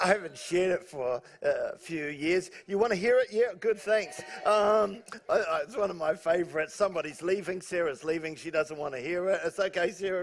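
A pastor telling a joke in church, halting with many restarts. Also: male voice, fairly high pitch.

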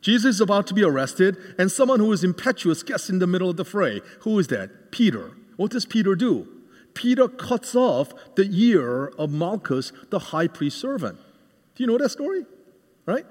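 A man preaching a sermon with a cordless microphone, animated and quizzing the congregation with questions. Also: high voice, moderate pace. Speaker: guest preacher. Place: church hall. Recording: reverberant hall.

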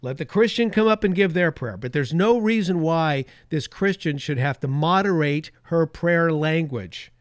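A man's voice: fairly high pitch, expressive, moderate pace, few pauses, dry recording, clean studio sound. A man hosting a talk radio show, delivering an opinionated monologue with emphatic repetition and sarcastic asides. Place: radio studio.

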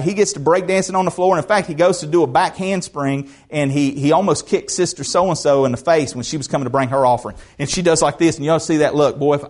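A man's voice: a little high, darkish tone. A male pastor preaching a sermon in a church, folksy and joking, often restarting his words. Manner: folksy, joking asides, repeats words when starting.

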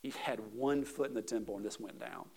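A male pastor preaching a sermon, moving between casual asides and loud, emphatic peaks. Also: medium pitch, a little fast, breathy edge.

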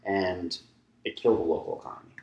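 Low-voiced man in an echoey room. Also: fast, a little mellow, highs cut off, a little hiss or hum. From grew up in England. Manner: enthusiastic storyteller, self-deprecating. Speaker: podcast co-host, reporter. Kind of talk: casual chat.

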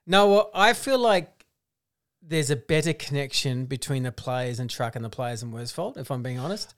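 Australian man, casual sports chat, smooth clear voice, animated delivery. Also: medium pitch, moderate pace. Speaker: football podcast co-host.

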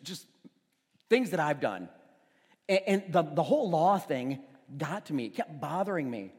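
A man in his forties, a pastor, preaching a sermon in a conversational storytelling way, stumbling and restarting, then swelling to loud emphasis. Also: fairly high pitch, husky. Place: church hall. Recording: long reverb of a church hall, faint music.

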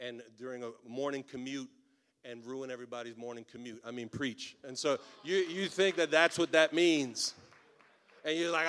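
Male pastor, upper-middle pitch, lively storyteller who drops jokes into his sermon. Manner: animated storytelling with humorous asides.

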